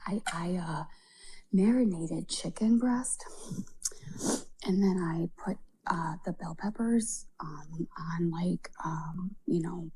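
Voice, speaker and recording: A woman's voice: on the low side, dark tone, slight background noise. A woman streamer in casual, rambling live-stream chat. She swears freely and often drops to a whisper.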